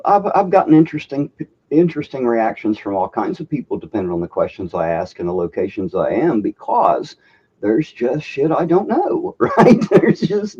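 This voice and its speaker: Man, podcast host, husky lively voice, dull lo-fi audio; swears and laughs a lot. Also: mid-range voice. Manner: animated, swearing, laughs often. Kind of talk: casual chat, storytelling.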